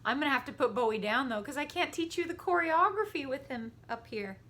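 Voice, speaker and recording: Very high-voiced, bright woman teacher. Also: expressive, fairly quick. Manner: warm, patient, chatty, laughs easily. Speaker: elementary school music teacher. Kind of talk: gentle, encouraging virtual lesson for children. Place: at home with her dog.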